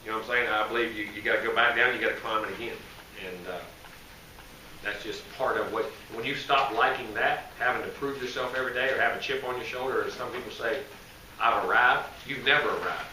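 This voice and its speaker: A man's voice: medium pitch, fast, bright, forceful tone, distant mic. A man, a head football coach answering press questions in a rambling, folksy, self-correcting way. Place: media day press room. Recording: echoey room, voice from afar, faint noise.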